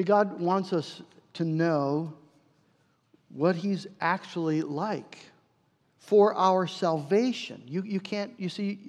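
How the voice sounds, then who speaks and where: Pastor guy with a high voice preaching, earnest and emphatic, long echo of a church hall. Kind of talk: sermon.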